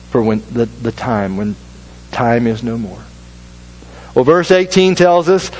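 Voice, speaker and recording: Male pastor, fairly high voice, emphatic sermon delivery with repeated phrases. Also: a little mellow, poor audio.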